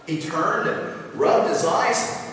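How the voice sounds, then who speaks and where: A pastor telling a parable dramatically during a sermon in a church sanctuary. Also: male voice, high-pitched, slow pace, a bit bright. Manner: dramatic storytelling. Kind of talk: sermon storytelling. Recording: echoey hall from far off.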